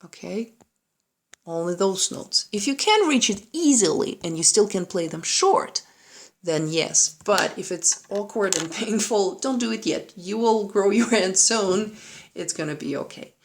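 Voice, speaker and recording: A woman's voice: mid-range voice, animated, unhurried, slight background noise. A woman giving a patient play-along piano lesson at home, coaching with frequent "okay?" checks. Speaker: piano teacher. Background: piano playing.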